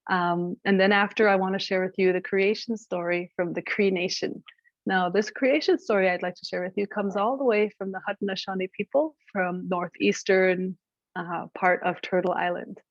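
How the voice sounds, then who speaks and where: A woman storyteller from Canada tells a creation tale in a lively, expressive voice. Her voice sits in a middle range. The recording is dull, dry and lo-fi. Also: medium pitch, normal speed, no room sound. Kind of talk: oral storytelling to an audience.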